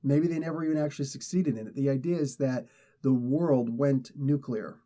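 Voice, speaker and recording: A man's voice: medium pitch, fairly even intonation, moderate pace, warm tone. A man casually reviewing a comic book, rambling and correcting himself as he gives his opinions. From not British.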